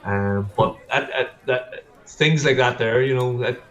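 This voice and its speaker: Unhurried and mid-range, the man's voice comes through dull in an echoey space. He's a Northern Irish plasterer appearing as a guest in a casual interview, telling stories and doubling back on words along the way.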